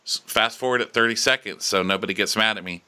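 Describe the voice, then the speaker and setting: Podcast co-host, male, lowish pitch, bright tone, animated comic recapper. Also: fast, smooth. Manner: animated, jumps into high put-on voices for jokes. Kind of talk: casual comedic recap chat.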